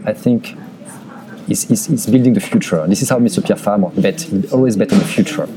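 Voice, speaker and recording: Deep-voiced man with a French accent. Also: warm tone, a little hiss or hum, low-quality recording. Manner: earnest, halting, repeats words while searching for phrasing. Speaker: interview guest, cosmetics executive and pharmacist. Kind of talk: conversational interview.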